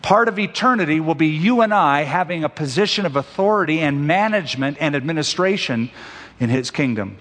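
A male pastor delivering a sermon in a big church sanctuary, his voice carrying a long reverb. His pitch sits a little above most men's, and he draws out the scripture he quotes, slow and weighty. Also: animated, a bit bright. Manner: preaching, slows and stretches scripture quotes for emphasis.

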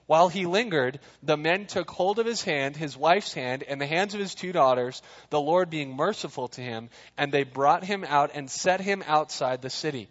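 A man's voice: a little high, normal speed, hardly any pauses, a bit bright. A man giving a casual sermon to a young crowd, chatty and jokey, often throwing questions at the listeners. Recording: dull sound in a reverberant hall.

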